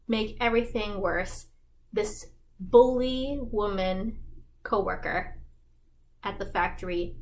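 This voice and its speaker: A woman's voice: a little high, a little hiss or hum, low-quality recording. A woman giving a casual, slangy plot summary, chatty and full of likes. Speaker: fandom explainer host.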